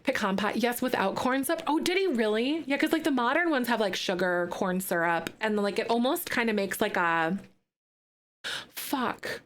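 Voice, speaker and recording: A woman streaming live, chatting casually with lots of fillers and bursts of excitement. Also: fairly high pitch, a little fast, few pauses.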